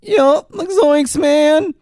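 A man putting on a laid-back cartoon slacker voice, high and drawling with stoner slang. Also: very slow, a little mellow, no echo, studio quality, heavily acted. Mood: goofy.

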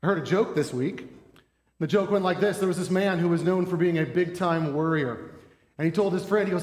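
A middle-aged man preaching a sermon with a slightly high voice. He talks in a relaxed, storytelling way and pokes fun at himself. The sound carries a long reverb from a big, echoey church room. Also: fairly quick. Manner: conversational storytelling with self-deprecating humor. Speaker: pastor. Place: church sanctuary.

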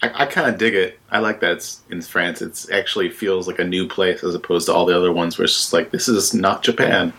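Playful, crude low-voiced man. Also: fairly even intonation, fast talker, few pauses, pushed and bright. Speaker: podcast co-host. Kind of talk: casual chat.

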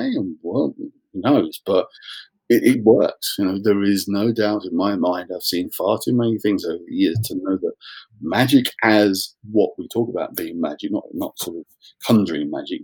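A man's voice: low-pitched, a little mellow, slightly rough, no room sound, low-quality recording. A man, an author guest on a podcast, explaining his views at length in a thoughtful, rambling way. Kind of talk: casual chat.

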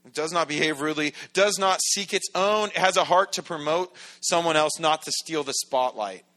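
Middle aged guy pastor preaching super casual, bright kinda highish voice, lots of "right?" asides. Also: normal speed. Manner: casual and chatty, full of asides and rhetorical questions. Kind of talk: conversational sermon.

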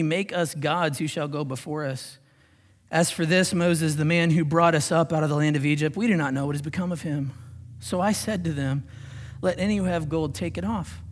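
A man preaching a sermon as pastor, animated, swinging from loud exclamations to hushed whispers. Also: on the high side, fairly quick. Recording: long reverb of a large hall.

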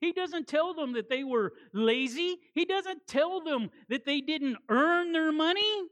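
High-voiced animated woman preaching. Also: measured pace. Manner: animated, emphatic repetition; conversational with folksy asides. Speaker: guest preacher. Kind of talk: sermon.

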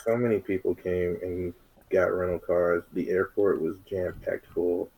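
A man's voice: low voice, flat delivery, measured pace, a little mellow, breathy edge, poor audio. A man co-hosting a podcast, talking in a loose, offhand way with casual swearing. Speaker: podcast co-host. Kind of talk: casual chat.

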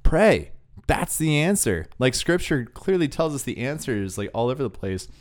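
A man's voice: medium pitch, very animated, normal speed. Laid-back young man saying "dude" a lot. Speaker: podcast co-host. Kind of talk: casual faith talk, storytelling.

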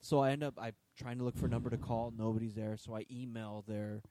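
A man chats casually, often stammering and restarting mid-sentence. His voice is warm and relaxed, and the recording is close and dry. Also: mid-range voice, fast talker, no room sound. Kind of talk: casual chat.

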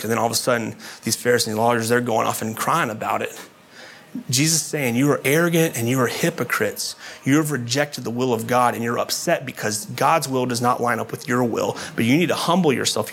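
A man's voice: mid-range voice, gravelly, fairly bright tone, a little hiss or hum. Man preaching a conversational sermon. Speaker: pastor.

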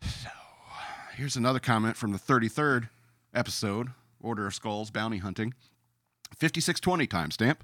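A man's voice: lowish voice, lively intonation, normal speed, pauses often, pushed and bright, no echo, studio quality. A man ranting in a sarcastic, emphatic way as a podcast host, now and then reading out his own comments in a mocking voice.

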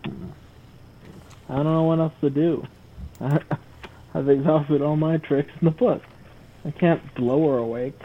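A man's voice: a little high, steady tone, unhurried, long pauses, phone-quality sound, slight background noise. A man playing in a tabletop role-play, talking hesitantly and rambling. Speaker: player.

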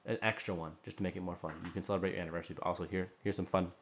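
A young man co-hosting a podcast, chatting casually and getting animated, with casual swearing. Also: sits low, a little hiss or hum. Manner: animated, quick, swears casually, gets worked up. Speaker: podcast co-host. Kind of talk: casual chat.

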